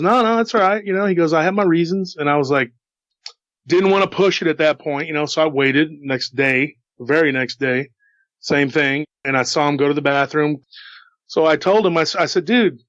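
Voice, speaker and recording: A man's voice: fairly high pitch, fairly bright tone, no echo. A man casually telling a paranormal story he heard, chatty and repetitive, with asides to the listener. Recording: dull, slightly lo-fi dry sound.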